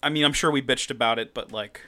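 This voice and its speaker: A man's voice: medium pitch, fast, pushed and bright. A man co-hosting a casual movie-review podcast, sarcastic and swearing freely as he recaps scenes. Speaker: podcast co-host.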